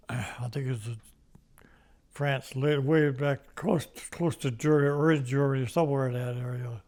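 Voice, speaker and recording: Slow gravelly elderly man. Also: mid-range voice, a little mellow. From United States. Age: older. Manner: rambling storytelling with restarts and chuckles. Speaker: veteran interviewee. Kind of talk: oral history interview.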